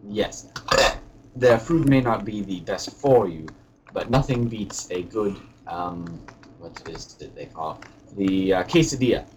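A man's voice: fairly low pitch, unhurried, a little hiss or hum, close to an everyday voice, low-quality recording. A man doing a hiccuping pompous British lord. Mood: rambling. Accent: put-on British. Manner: rambling, hesitant, genteel phrasing. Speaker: podcast co-host. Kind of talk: comedic podcast character chat.

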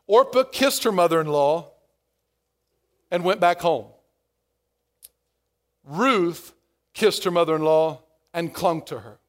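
A male pastor preaching a sermon in an animated way, acting out inner voices as he goes. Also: on the high side, slow pace, long pauses.

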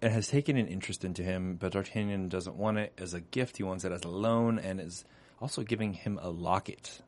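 A man co-hosting a TV recap show, chatting casually with jokes and quick asides. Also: low voice. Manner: joking, animated, quick asides. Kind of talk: casual chat.

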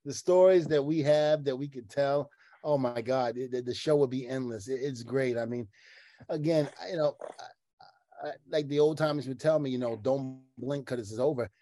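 A man in casual podcast chat, telling lively stories and acting out the quotes in them. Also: medium pitch, normal speed, dry recording. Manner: animated storyteller who acts out the quotes in his stories.

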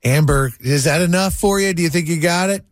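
High, laughing male co-host. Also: brisk, no room sound, clean studio sound, faint music behind. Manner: laughing, encouraging. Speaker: radio show co-host.

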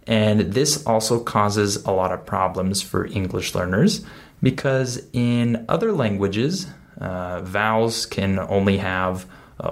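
Slow-talking male English teacher. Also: on the low side. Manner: slow, deliberate, repeats example words. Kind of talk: podcast lesson.

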